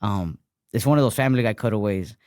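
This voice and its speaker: A man's voice: lowish voice, expressive, fast talker, a little mellow, no room sound, clean studio sound. A man co-hosting a casual comedy podcast, riffing loose and profane. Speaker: podcast co-host.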